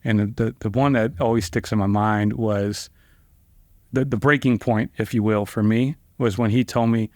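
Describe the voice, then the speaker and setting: A middle-aged trial attorney appears as a guest, casually telling anecdotes at normal speed in studio-quality sound with no echo. He's a lively storyteller who acts out quoted dialogue with sharp pitch jumps. His phrasing is loose and conversational, full of fillers like "like" and "you know".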